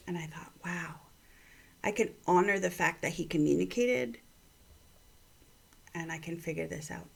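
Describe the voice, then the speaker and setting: A middle-aged woman and mother telling a personal story and offering gentle encouragement, often dropping into soft whispers. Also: lowish voice, a little slow, creaky, pauses often, slightly rough. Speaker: vlog host giving encouragement.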